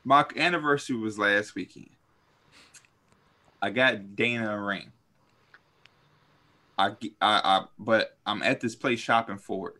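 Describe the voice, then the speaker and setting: Young male podcast co-host, bright tone, lively profane storyteller. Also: a little slow, long pauses. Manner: animated, profane, swings high when quoting people. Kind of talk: casual storytelling chat.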